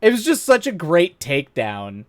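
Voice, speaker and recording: A man's voice: a little high, wildly swooping pitch, moderate pace, no echo, clean studio sound. A man hosting a live stream, chatting loosely with viewers, often trailing off, restarting sentences and laughing at his own stories. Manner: rambling, self-interrupting, laughs often. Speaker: streamer host. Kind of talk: casual live-stream chat.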